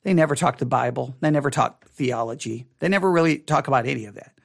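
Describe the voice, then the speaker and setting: A man who is a pastor, teaching a Bible study in an animated way, often repeating and restarting his words. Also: fast, creaky. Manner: animated, acts out quoted people with rising pitch.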